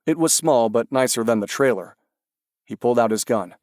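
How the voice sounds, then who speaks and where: A man reading an audiobook in an even, measured manner. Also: medium pitch, no echo, studio quality. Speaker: audiobook narrator. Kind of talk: scripted audiobook narration.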